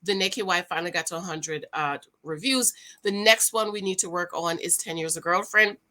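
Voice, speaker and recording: A woman chatting casually to her viewers in a morning vlog from home, animated, with playful asides. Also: on the low side, moderate pace. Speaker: vlogger and author.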